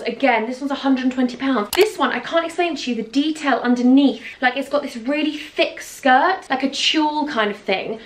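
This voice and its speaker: An excitable young woman chats to her viewers in a gushing, animated way, her voice sitting a touch high. She is some way from the mic, and the room rings with echo. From England. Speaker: vlogger. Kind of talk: casual chat to camera. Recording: echoey room from a distance off the mic.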